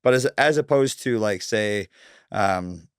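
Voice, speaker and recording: A man's voice: lowish voice, measured pace, smooth, no echo. Man, thirties, casual swearing storyteller, dry close sound. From Northern Canada. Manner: laid-back, heavy swearing, fillers like "like". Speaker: podcast guest.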